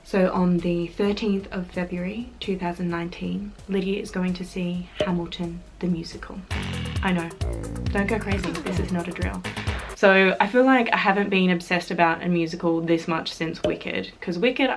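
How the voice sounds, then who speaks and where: A woman's voice: on the low side, fairly even intonation, moderate pace, faint music behind. A young Australian woman chatting casually to camera in a vlog, bubbly and chatty with fillers and giggles. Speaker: YouTuber.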